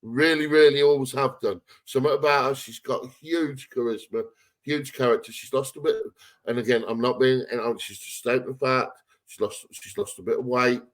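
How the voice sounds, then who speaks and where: A man's voice: medium pitch, steady tone, moderate pace. Blunt, opinionated man. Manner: blunt, opinionated, laughs often, many restarts. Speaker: podcast co-host. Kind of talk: casual wrestling chat.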